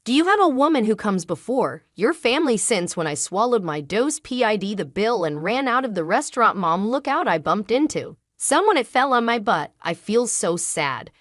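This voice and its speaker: A woman narrating a first-person dramatic story in an emotional, halting way. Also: fairly high pitch, very animated, a bit bright, no room sound, clean studio sound.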